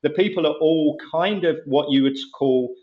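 A man from England, a comedian guest in casual chat, talking in a halting, rambling way with many restarts. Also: fairly high pitch, reverberant, muffled recording.

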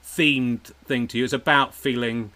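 A podcast host from England rambles, mocks himself and laughs often while chatting with a guest in a casual comedic interview. His voice is medium-pitched and steady at a moderate pace, with a bright, forceful tone.

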